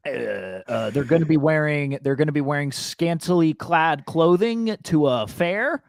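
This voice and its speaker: A man co-hosting a podcast in casual chat, often halting and repeating words as he thinks. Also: fairly high pitch, expressive, no room sound, clean studio sound. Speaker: podcast co-host.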